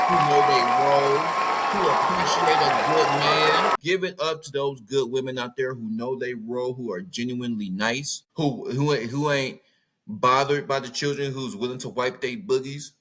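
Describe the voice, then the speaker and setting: A man's voice: mid-range voice, fairly bright tone. A man from California with a Southern US accent, hosting a podcast in an emphatic, repetitive, preachy monologue. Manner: emphatic, repetitive, rants with bursts of laughter. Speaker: podcast host.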